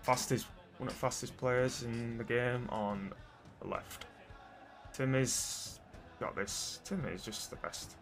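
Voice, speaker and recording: A young man commentating his own football video game match, muttering to his players and then yelling at them. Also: mid-range voice, fairly even intonation, measured pace, faint music behind. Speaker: gaming streamer. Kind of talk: excitable gameplay commentary.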